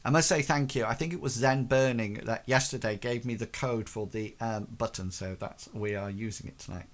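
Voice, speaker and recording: A man's voice: medium pitch, a little fast. A man narrating a tabletop game as game master, hesitant and full of fillers.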